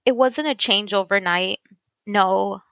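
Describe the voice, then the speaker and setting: A woman's voice: mid-range voice, takes it slowly, creaky, a bit bright, no echo. A woman giving an emotional faith testimony in an interview, tearful and earnest, repeating phrases for emphasis. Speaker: guest sharing testimony.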